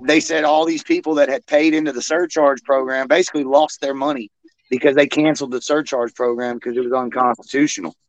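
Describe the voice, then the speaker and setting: A man telling a wry, deadpan story in a casual podcast chat. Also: medium pitch, a little fast, no room sound, rough recording.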